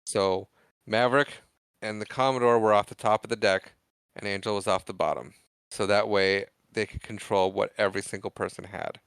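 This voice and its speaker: Smooth-voiced man recapping a movie. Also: on the low side, steady tone, moderate pace, a bit bright, no room sound. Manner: retells scenes, acting out quotes with laughs. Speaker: podcast co-host. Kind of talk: casual chat recapping a film.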